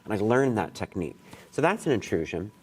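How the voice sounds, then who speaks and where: A man's voice: on the low side, very animated, brisk, a little mellow, husky. A male poet leads a workshop for college students in a classroom. His talk is casual and digressive, full of asides and restarts. He is blunt and curses easily. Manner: candid and blunt, swears freely, rambling asides. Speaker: poetry workshop leader.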